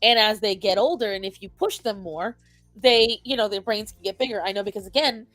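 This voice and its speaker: A woman's voice: medium pitch, brisk, a bit bright, dry recording. Emphatic opinionated woman on a dry mic. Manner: emphatic, opinionated, acts out quotes. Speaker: podcast co-host. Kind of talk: casual chat on pet behavior.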